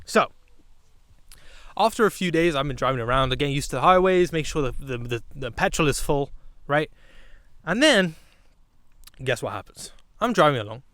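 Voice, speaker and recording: A young British man telling a comic storytime vlog, animated, with sudden loud bursts. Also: fairly high pitch, normal speed, long pauses, no room sound. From Britain. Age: young adult. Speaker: vlogger.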